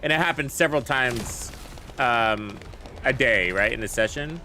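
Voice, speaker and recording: A man's voice: mid-range voice, a little slow, sharp tone, faint music behind. A man casually commenting on his gameplay and chatting about the game with viewers in a laid-back way. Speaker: gaming streamer.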